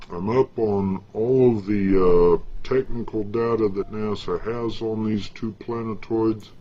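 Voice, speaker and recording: A man rambles through a casual, aggrieved monologue, folksy and a little boastful. His voice sits low and he takes his time. The recording sounds dull and lo-fi. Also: fairly even intonation, slow pace. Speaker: vlogger.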